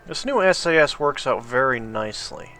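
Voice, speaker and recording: A man's voice: mid-range voice, expressive, normal speed, pushed and bright, a little hiss or hum. A sleepy man casually commenting on his gameplay, thinking aloud at a drifting pace. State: sleepy, yawning. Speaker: gameplay video host.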